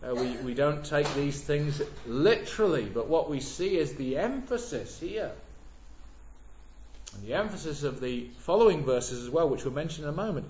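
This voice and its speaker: A man preaching a sermon in a church hall, swelling loud on key words and dropping low and soft between them. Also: expressive, moderate pace. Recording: echoey hall, dull lo-fi sound.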